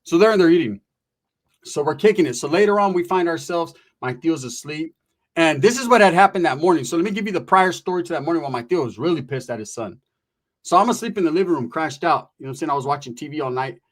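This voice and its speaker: A man rattles through a crude, profane comic story at a rapid clip. His voice sits somewhat high. He slips into the voices of the people he quotes. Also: expressive.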